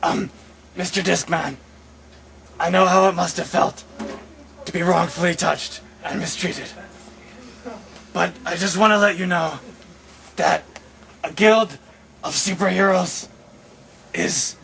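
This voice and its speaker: Brief: man, high gravelly voice, very slow, earnest. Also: fairly even intonation, a bit bright, a little hiss or hum. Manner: slow, earnest pep talk. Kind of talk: improvised comedy web series.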